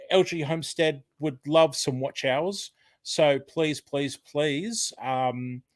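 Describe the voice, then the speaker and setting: A man with an Australian accent hosting a casual live stream, rambling warmly through greetings with lots of ums. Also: on the high side, no echo. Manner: chatty, rambling, full of fillers, greeting viewers by name. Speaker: livestream host. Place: home room at a computer. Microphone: desk microphone.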